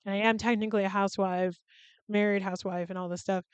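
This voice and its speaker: A woman's voice: medium pitch, level tone, quick pace, clear, resonant tone, no room sound. A woman hosting a podcast in casual chat, candid and chatty, swearing freely and laughing between sentences. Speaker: podcast host.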